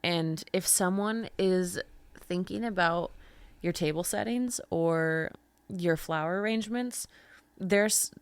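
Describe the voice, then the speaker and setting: A woman's voice: on the low side, slow pace, smooth, no room sound. Chatty young woman hosting a podcast. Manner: chatty, animated storytelling with frequent "like". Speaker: podcast host. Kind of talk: casual chat.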